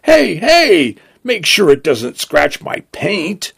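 A fussy robot delivery truck, squeaky and flustered, forever caught off guard, as a man puts it on. The voice has a husky, gravelly edge and swings widely in pitch. It sits close and dry, as in a storybook read aloud. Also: huge pitch swings, takes it slowly, fairly bright tone, heavily acted. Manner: startled, fussy, exclamatory. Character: flustered robot delivery vehicle, male-sounding.

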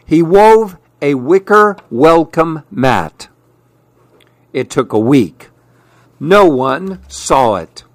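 Slow, expressive male storyteller. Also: a little high, no room sound, clean studio sound. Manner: gentle, expressive reading with playful emphasis. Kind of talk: storybook read-aloud.

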